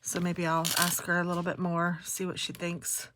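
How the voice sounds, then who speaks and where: A woman's voice: fairly low pitch, completely flat delivery, normal speed, noisy background. A middle-aged woman vlogger telling stories in a casual, chatty way, often breaking into exclamations.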